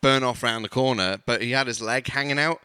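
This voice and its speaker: Bright-voiced man with anecdotes. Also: medium pitch, fairly quick, clear, resonant tone, no echo. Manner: laughs while telling wild stories. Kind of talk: casual anecdote chat.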